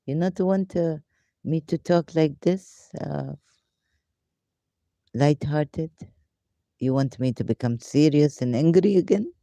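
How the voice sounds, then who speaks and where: A woman hosting a casual live question-and-answer session, talking in halting, rambling, broken English with frequent fillers, and sometimes talking to herself. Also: low-pitched, vocal fry, warm tone, dry recording. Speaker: live Q&A host.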